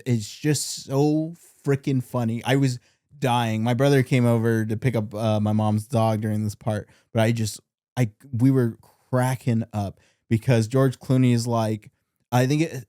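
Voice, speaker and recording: A man co-hosting a casual movie review chat, easygoing and quick to laugh, with many fillers. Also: mid-range voice, warm tone, no echo, clean studio sound. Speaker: podcast co-host.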